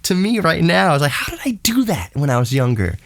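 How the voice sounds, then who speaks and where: Man in his late thirties, podcast host, casual rant, sarcastic, voice jumps high then sinks low, dry close sound. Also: fairly quick, creaky, dry recording. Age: late 30s. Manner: animated, swoops up high in disbelief, drops low and quiet for asides; blunt, opinionated and sarcastic. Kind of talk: casual ranting monologue.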